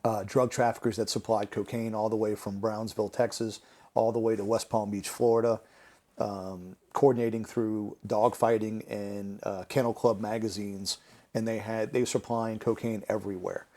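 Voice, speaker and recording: Man telling lively stories. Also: lowish voice, normal speed. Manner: animated, laughing through anecdotes, acting out quotes. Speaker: podcast guest, prosecutor. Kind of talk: conversational storytelling.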